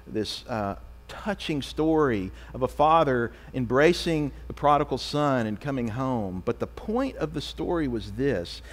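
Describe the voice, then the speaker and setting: A male pastor delivers a sermon in a mid-pitched voice. His delivery is animated and rises and falls widely as he acts out quoted voices. A long church reverb trails behind his words. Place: church sanctuary.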